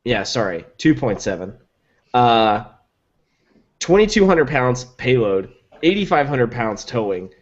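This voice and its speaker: A man's voice: medium pitch, very animated, a little slow, dull audio. Enthusiastic man rattling off truck specs. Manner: enthusiastic, rattles off specs with many likes and ums. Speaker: podcast guest, truck reviewer. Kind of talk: casual podcast chat.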